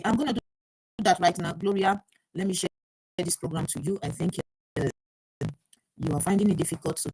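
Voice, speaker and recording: A woman with a slightly husky, breathy voice hosts a live-streamed call-in program about relationships. She talks informally and repeats herself, breaking off to share the stream with viewers and check her volume. Her pitch sits in a middling range. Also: no room sound, low-quality recording. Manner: repetitive, stops to handle viewers' sharing requests. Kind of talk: live-streamed talk show. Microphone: live stream mic, checking volume.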